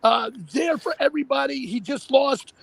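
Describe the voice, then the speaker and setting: A man hosting a casual talk show, animated and emphatic, often repeating himself. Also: extremely high pitch, normal speed, gravelly, dry recording. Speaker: show host.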